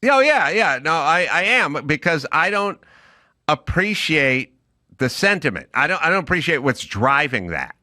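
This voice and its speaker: A man's voice: on the high side, very animated, moderate pace, bright, forceful tone, dry recording, clean studio sound. A middle-aged man co-hosting a podcast, telling stories in an emphatic, ranting way. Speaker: podcast co-host. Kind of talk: casual chat.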